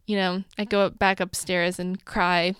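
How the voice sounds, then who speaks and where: A young woman co-hosting a podcast, telling a self-mocking story in a lively, casual way. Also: fairly low pitch, normal speed, smooth, no room sound. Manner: animated, self-mocking storyteller with lots of laughing. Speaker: podcast co-host.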